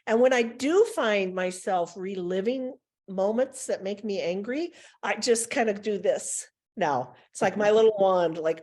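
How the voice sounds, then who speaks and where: A woman on a video call telling a personal story in a reflective, unhurried way, pausing as she thinks. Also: mid-range voice, a little mellow. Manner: reflective, tells personal stories with pauses.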